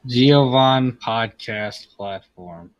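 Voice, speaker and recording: A man's voice: mid-range voice, slow, low-quality recording. A man co-hosting a live internet radio stream, laid-back, with dry remarks. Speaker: co-host. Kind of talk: casual live-stream chat.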